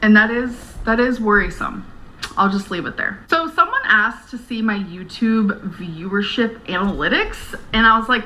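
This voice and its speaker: A woman's voice: fairly high pitch, expressive, moderate pace, sharp tone, low-quality recording. A woman vlogging to camera in a rambling, earnest, emotional way. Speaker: YouTuber. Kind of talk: talking to camera vlog.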